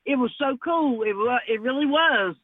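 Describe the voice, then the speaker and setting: A woman, calling into a radio show, talking excitedly and tripping over her words. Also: high-pitched, moderate pace, no echo. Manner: excited, stumbling restarts, laughing. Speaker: radio caller. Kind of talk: casual phone call. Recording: tinny phone line.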